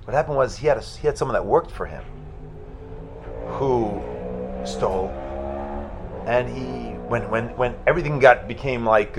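A man, a rabbi, telling a religious story in a sermon, halting and restarting at times. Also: on the low side, low-quality recording. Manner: halting retelling with restarts, rising to loud fervent chanting at the end.

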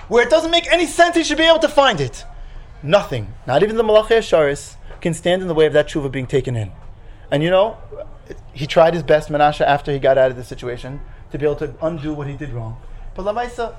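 A high-voiced man teaching a Torah lesson as a rabbi. He tells a personal story with lots of energy and acts out each line of dialogue himself, switching between the voices of the people in it. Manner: animated storyteller, acts out his own dialogue.

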